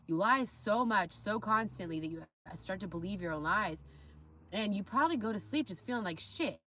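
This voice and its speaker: A woman's voice: medium pitch, fairly bright tone. A young woman live streamer talking in a casual vlog rant, swearing freely and full of scorn. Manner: profane, scornful, ranting.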